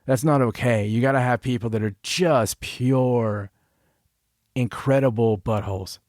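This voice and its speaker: Male podcast co-host, mid-pitched, blunt and profane, rambling, dry close mic. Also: measured pace, darkish tone, no room sound. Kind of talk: casual chat.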